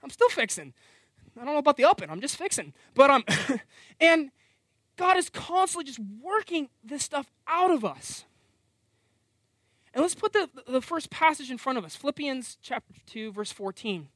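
A man's voice: very high-pitched, moderate pace, no room sound, studio quality. A middle-aged man preaching a sermon, conversational and self-deprecating, often acting out voices. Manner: animated, acts out quoted voices.

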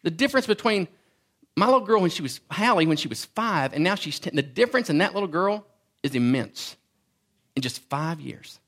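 A man's voice: sits high, expressive, a little fast, fairly bright tone. A man in his thirties giving a sermon as pastor, telling self-deprecating stories with stammered restarts.

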